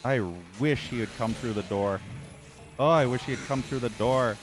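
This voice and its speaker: A man's voice: medium pitch, normal speed, faint music behind. A man streaming a horror game, ranting with angry, profane commentary and exasperated sighs as he plays. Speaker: gaming streamer.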